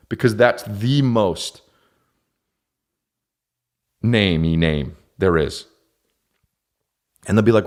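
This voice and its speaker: A man's voice: medium pitch, normal speed, long pauses. A man hosting a comedy podcast, ranting in exasperated, profane bursts and slipping into mock voices. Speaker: podcast host. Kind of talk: comedic rant.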